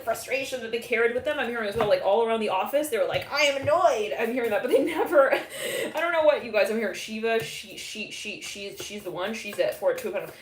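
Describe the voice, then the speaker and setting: A woman's voice: fairly high pitch, a little hiss or hum. Chatty woman doing a tarot reading in an echoey room. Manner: rambling, laughs often, many restarts. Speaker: tarot reader.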